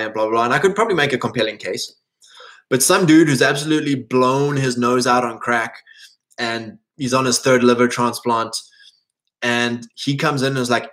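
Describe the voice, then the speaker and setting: Male host, faith-driven motivational talk, earnest and rambling, voice a bit strained, average pitch. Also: moderate pace, fairly bright tone. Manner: earnest, rambling, many restarts and fillers. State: voice strained, coughing and clearing throat.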